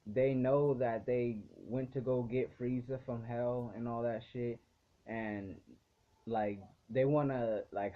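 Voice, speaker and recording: A man giving a casual, rambling recap of an anime episode as a reviewer. He leans hard on "like" as a filler and swears freely. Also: medium pitch. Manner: rambling, heavy use of "like" fillers, frequent swearing. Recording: tinny phone-like audio.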